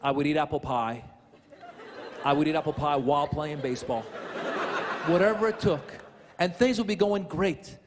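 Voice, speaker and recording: Man, stand-up comedian, higher voice, reverberant hall, audience and noise. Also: moderate pace, long pauses. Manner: chatty, repeats punchlines.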